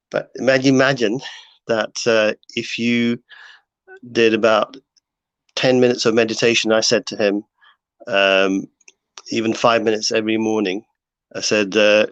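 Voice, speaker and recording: Host, male, low monotone, rambling casual delivery, dry dull lo-fi home mic. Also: dry recording. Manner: rambling, many fillers and restarts. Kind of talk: casual live talk to viewers. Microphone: home setup. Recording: dull lo-fi sound.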